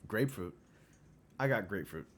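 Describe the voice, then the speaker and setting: A man's voice: on the low side, lively intonation, moderate pace, slight background noise. A man hosting a casual livestream chat, rambling with lots of filler words and chuckling often. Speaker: livestream host.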